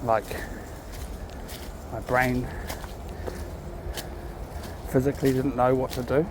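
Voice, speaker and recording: A man talking casually and reflectively while walking his dog in a park, sometimes calling out loudly to it. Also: medium pitch, flat delivery, slow, background noise. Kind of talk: casual outdoor vlog narration. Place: outdoors in a park.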